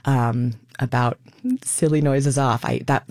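A woman's voice: extremely low pitch, fairly even intonation, takes it slowly, a little mellow, no echo, studio quality. A woman in her thirties, a stage actor, talking expressively in a radio interview and acting out quoted asides.

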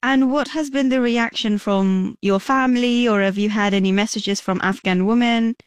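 A woman's voice: on the high side, moderate pace, no room sound. Composed female news interviewer. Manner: clear, composed questioning.

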